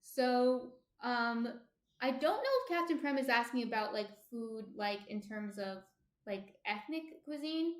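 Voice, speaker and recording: On a baking livestream, a woman from New Jersey answers viewers' comments in easygoing chat, her New Jersey accent clear. She speaks a little slowly in a fairly high voice, and the room sounds echoey.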